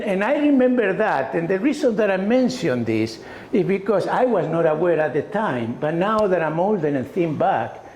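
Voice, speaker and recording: An older Argentine-born photographer with a slightly high voice tells animated anecdotes at a small gallery event about his exhibition. His grammar is non-native and he says "you know" often, heard in an echoey room with faint background noise.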